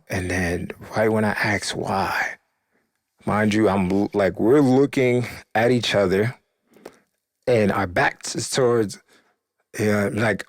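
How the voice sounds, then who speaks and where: A young man hosting a podcast, telling a story in casual, animated fashion and acting out the voices of people he quotes. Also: lowish voice, gravelly, dry recording, studio quality. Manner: animated, acts out quoted voices, rising loud when excited. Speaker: podcast host.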